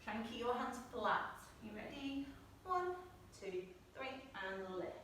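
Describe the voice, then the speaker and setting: Echoey gymnastics coach calling out moves. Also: female voice, on the high side, big pitch swings, unhurried, a bit bright, slight background noise. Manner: calls out moves while exercising along. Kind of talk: home exercise class instruction. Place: indoor room at home. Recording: echoey room, mic far off.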